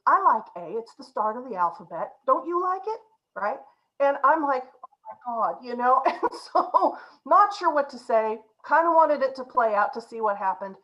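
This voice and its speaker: A woman's voice: a little high, muffled recording. A woman coaching on agile practice, telling an anecdote in a talk and acting out the people she quotes. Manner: animated storyteller acting out quotes, frequent "right?" and "you know". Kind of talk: conference talk with storytelling.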